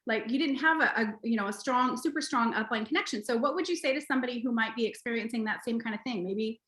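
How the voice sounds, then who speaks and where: Bright-voiced gushing woman hosting a video call. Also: on the high side, fast, reverberant. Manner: gushing, effusive, tearful at times. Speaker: host of a team video call. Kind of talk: emotional team recognition chat.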